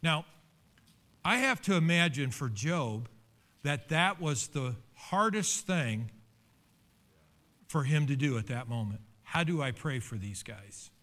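A pastor delivers a conversational sermon in a bright, forceful voice. He tells stories with humor and lively asides. His delivery is animated and informal. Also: fairly high pitch, slow, long pauses.

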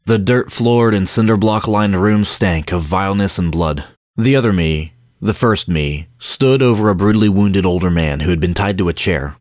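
A man narrating a first-person audiobook, brooding and introspective. His voice sits low, and the recording is dry and close with no room sound. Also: normal speed, a little mellow, no echo.

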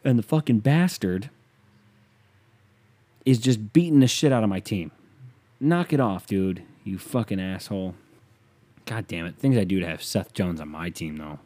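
A man's voice: lowish voice, lively intonation, moderate pace, pauses often, dark tone. A young man from Ohio hosting a casual sports rant, profane and sarcastic.

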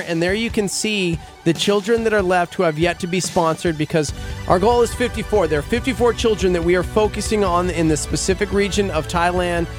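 Radio host guy, a bit high voice, pushing hard for donations, faint music behind. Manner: earnest, urgent pitch. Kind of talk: morning show fundraising appeal.

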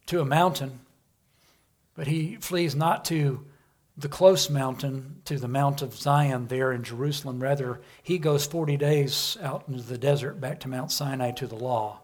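A man preaching a sermon in an emphatic style, often asking his listeners questions. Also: medium pitch.

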